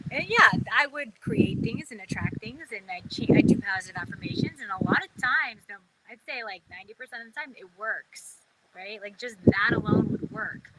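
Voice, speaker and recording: A woman's voice: on the high side, very animated, a little fast, very noisy. A woman telling a personal story in a chatty, casual way, full of fillers, acting out her own past thoughts.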